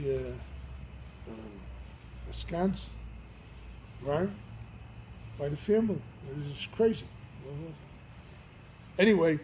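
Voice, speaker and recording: Rabbi giving a class, slightly high voice, earnest and emphatic, faint noise behind him. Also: male voice, poor audio. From United States. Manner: earnest, emphatic, swings from loud to quiet. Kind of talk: storytelling Torah class.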